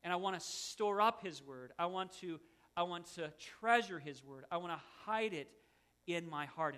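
Bright-voiced man preaching a sermon. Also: fairly high pitch. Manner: earnest, conversational preaching with self-deprecating asides. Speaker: pastor.

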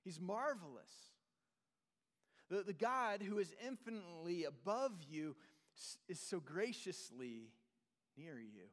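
A man preaching a sermon as pastor, earnest, repeating phrases and dropping to soft, low tones for emphasis. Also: big pitch swings, unhurried. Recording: long reverb of a large hall.

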